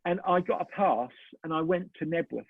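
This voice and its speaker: A middle-aged man, a photographer, telling a story in an animated way and acting out both sides of the conversation. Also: fairly high pitch, normal speed, vocal fry. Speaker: photographer, interview guest. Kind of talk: casual anecdote in an interview. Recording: dry, tinny phone-like call audio.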